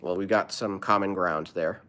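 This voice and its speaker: A man's voice: low-pitched, fairly even intonation, moderate pace, sharp tone. A man who is a comedian, live streaming and answering his viewers' chat in an earnest, opinionated way.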